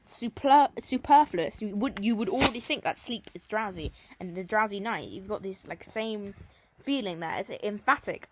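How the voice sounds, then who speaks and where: A woman teaching a recorded Latin lesson, reading verse lines slowly and then explaining them in plain, chatty terms. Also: mid-range voice, slight background noise.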